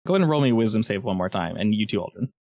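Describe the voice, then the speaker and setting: A man's voice: on the low side, animated, rapid-fire, darkish tone, no echo, studio quality. A man narrating a tabletop game as game master, in a chatty way with frequent restarts.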